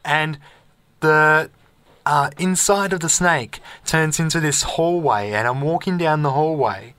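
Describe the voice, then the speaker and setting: A man's voice: a little high, measured pace, a bit bright, clear, resonant tone. A man telling a rambling story on a radio show. He is speaking into a studio microphone, and the sound is dry, with no echo. He acts out the voices of the people in his story and laughs along as he goes. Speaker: radio co-host. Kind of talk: casual on-air storytelling.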